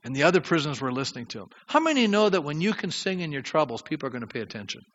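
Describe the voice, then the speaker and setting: A man preaching a sermon as pastor, lively and questioning his congregation. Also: on the high side, racing. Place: church sanctuary. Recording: dull sound with long hall reverb.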